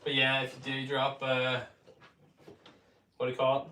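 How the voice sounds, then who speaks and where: A man's voice: mid-range voice, completely flat delivery, normal speed, very noisy. A man with a Northern Irish accent, a bit congested, casually chatting on his livestream and reading out viewer comments with plenty of fillers. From Northern Ireland. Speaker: livestream host.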